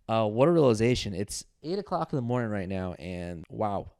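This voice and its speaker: A man's voice: lowish voice, very animated, a little fast, hardly any pauses, a little mellow, clean tone, no echo, studio quality. A man hosting a casual solo podcast, rambling through his thoughts, swearing often and restarting his sentences. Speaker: podcast host.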